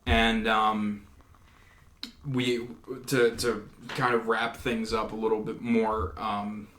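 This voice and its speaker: A man's voice: lowish voice, flat delivery, slow, fairly bright tone, a little hiss or hum. A man, a paranormal investigator guest, earnestly telling a story in a casual podcast chat, with frequent restarts. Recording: roomy echo.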